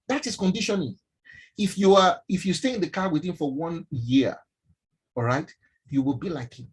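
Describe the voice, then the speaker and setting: A man with a Nigerian accent gives an animated mentoring talk on a live stream and often asks his listeners questions. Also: fairly high pitch, normal speed, breathy edge, rough recording. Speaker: mentor speaking to young people.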